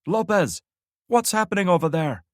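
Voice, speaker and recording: Man doing a harsh, frantic guard yelling on a radio. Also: a little high, unhurried, no room sound, studio quality, pitched above the performer's own voice. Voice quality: harsh, crackling over a radio. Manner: shouting, demanding. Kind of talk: audiobook character voice.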